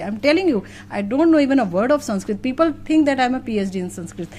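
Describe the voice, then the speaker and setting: A middle-aged woman with an Indian accent, a spiritual teacher answering interview questions in an earnest, emotional way, with soft laughs and many fillers. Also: sits high, lively intonation, quick pace, hardly any pauses, slight background noise.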